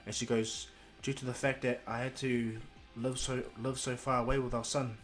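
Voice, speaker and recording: A man tells an improvised fan story in a loose, rambling way, stumbling over restarts and slipping into his characters' lines. His pitch sits in the middle. Faint music plays underneath. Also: flat delivery, moderate pace. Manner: rambling, with many restarts, and quotes each character in the flow.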